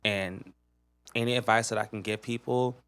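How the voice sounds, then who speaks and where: A young man co-hosting a casual podcast, talking in sassy, dramatic rants that flare up loud. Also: on the low side, steady tone, normal speed, smooth. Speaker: podcast co-host.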